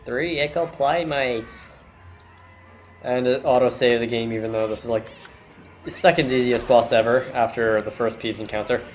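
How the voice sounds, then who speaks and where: A man's voice: mid-range voice, steady tone, brisk, soft background music. A man streaming a video game, chatting casually and commenting on his play. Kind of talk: casual chat while gaming.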